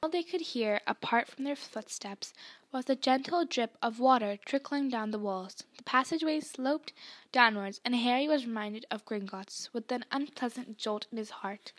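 A woman with a high voice reads a book chapter aloud for a podcast. Her narration is expressive, with the pace slowing and quickening to fit the scene. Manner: expressive storytelling. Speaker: podcast reader. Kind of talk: audiobook narration.

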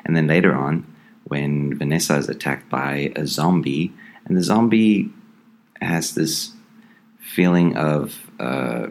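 A man hosting a podcast, talking casually about a horror comic in a thoughtful, halting way with frequent ums and restarts. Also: rumbling low, creaky. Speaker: podcast host.

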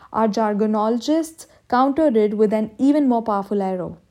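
A woman's voice: mid-range voice, dark tone. A woman narrating a humorous first-person audiobook in a wry storytelling manner.

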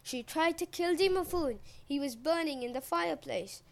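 A woman voicing a devout, protective young queen and mother, shrill when frightened and pleading when humbled. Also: moderate pace, natural voice. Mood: shrieking.

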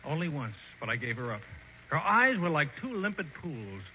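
A man's voice: a little high, sing-song, moderate pace, pushed and bright, full character voice. An actor playing a shy, lovesick freckled young man in a 1940s radio comedy, earnest and pleading. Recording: muffled old radio broadcast with hiss.

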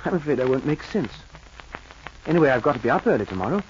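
An actor playing a meek, stammering man courting a woman in a 1940s radio drama, halting and bashful in his speech. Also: mid-range voice, very animated, close to an everyday voice. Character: meek stammering swindler posing as shy suitor. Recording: muffled old radio recording, faint hiss.

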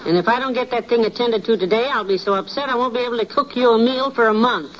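An actress playing a brisk, teasing wife who bosses her husband along, in 1950s radio comedy style. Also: a little high, lightly acted. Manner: bossy, teasing, calls husband dearie. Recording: muffled old radio broadcast with hiss.

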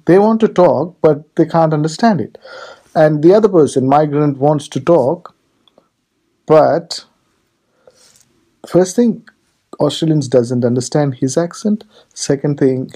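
Slow, mellow-voiced interviewer who laughs often. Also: mid-range voice, slightly rough, low-quality recording. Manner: inquisitive, laughs often between questions. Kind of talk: conversational podcast interview.

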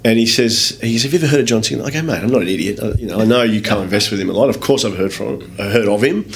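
A man with an Australian accent, a guest telling lively anecdotes in a casual interview, swearing freely and acting out other people's lines. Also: fairly low pitch, rapid-fire. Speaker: guest, business owner. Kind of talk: casual storytelling in a podcast interview.

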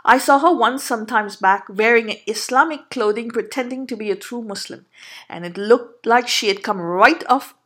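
A woman with a high voice recounts a personal story in a long monologue. She speaks earnestly and with emphasis, now and then stopping to restart a sentence. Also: moderate pace, fairly bright tone, husky. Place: Canada.

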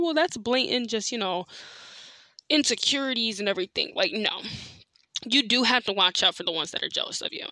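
A woman's voice: medium pitch, pushed and bright, dry recording. A young adult woman hosting a podcast, telling a story in a heated, profane, casual way that is full of "like" fillers. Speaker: podcast host.

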